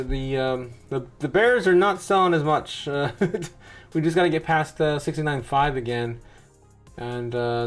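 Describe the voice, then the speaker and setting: A man hosting a show, giving rambling, wry, casual live commentary as he reacts to charts. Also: mid-range voice. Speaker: crypto show host.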